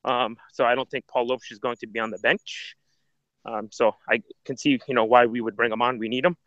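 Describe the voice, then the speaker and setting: A man's voice: mid-range voice, fairly even intonation, brisk, fairly bright tone, dry recording. A man co-hosting a casual football podcast, giving his views hesitantly with many ums and you-knows. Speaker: podcast co-host. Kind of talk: casual chat. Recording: dry, dull lo-fi line.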